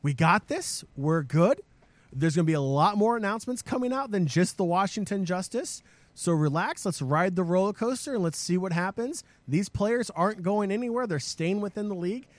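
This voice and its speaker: A man co-hosting an esports news show, talking in an animated, emphatic way and often repeating words as he starts a thought. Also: high voice, normal speed, dry recording. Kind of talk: casual esports news discussion.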